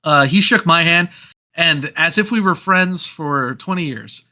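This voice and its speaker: A man hosting a podcast, telling a story in a lively, casual way and acting out what people said. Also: fairly high pitch, measured pace. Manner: animated storyteller who acts out quotes. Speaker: podcast host.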